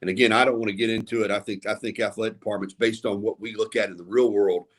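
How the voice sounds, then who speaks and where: A man's voice: fairly low pitch, steady tone, quick pace. Hedging, opinionated sports radio man. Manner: hedging, restarts often, opinionated. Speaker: guest sports radio host. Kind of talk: casual panel discussion.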